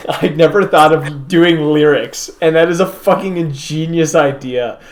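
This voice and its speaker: A man narrating as game master in a casual tabletop session, laid-back and quick to laugh. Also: on the high side.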